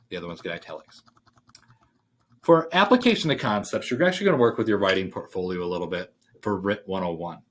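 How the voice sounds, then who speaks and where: A man teaching a college writing class, talking casually through a worksheet with fillers while he types. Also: on the low side. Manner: casual, thinking aloud with fillers. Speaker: writing instructor. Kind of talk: screen-share worksheet walkthrough.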